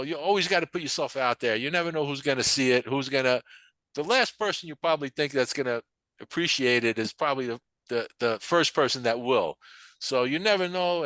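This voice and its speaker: A man's voice: medium pitch, fast talker, fairly bright tone, dry recording. A man, telling his story in a rambling, casual interview and acting out the people he quotes. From New York. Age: 60s. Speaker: painter and barbershop manager.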